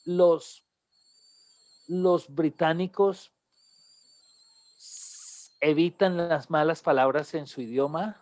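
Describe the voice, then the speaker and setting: Lively teacher, slightly high voice. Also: male voice, slow pace, pauses often. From Colombia. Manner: lively, laughs often, quizzes the class. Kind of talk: bilingual class discussion.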